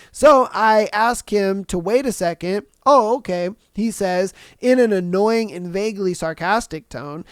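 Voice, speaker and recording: A man hosting a podcast, reading out a story and ranting in a profane, animated way with bursts of yelling. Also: high voice, clear, resonant tone, no echo. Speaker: podcast host.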